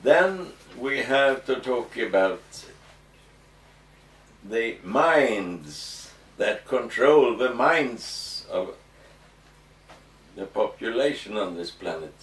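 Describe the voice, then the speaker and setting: A man answering interview questions slowly and hesitantly, with frequent ums and restarts. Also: mid-range voice, expressive, fairly bright tone. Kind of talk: halting explanatory interview answers. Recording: echoey room, distant mic, faint noise.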